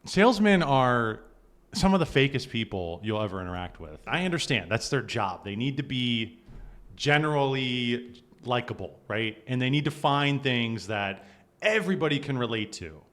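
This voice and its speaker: A man talks through a livestream in casual commentary, his voice in a middle pitch. He sounds exasperated and chatty, and laughs often between points. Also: expressive, moderate pace, a bit bright. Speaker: streamer reacting to clips.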